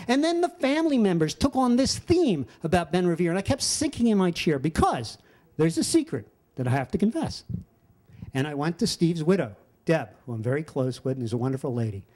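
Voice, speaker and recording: An older man telling a personal story live at a story slam, animating the quoted voices of people around him. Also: high-pitched. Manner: animated, acts out quoted friends with voice shifts.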